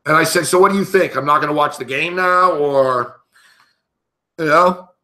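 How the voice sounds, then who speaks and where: A brash middle-aged man tells a sports story to his live chat, swearing freely and laughing between lines. His voice is very bright and cutting and sits a bit high for a man. He talks in loose, casual bursts, like a host riffing. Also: normal speed. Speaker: sports betting show host.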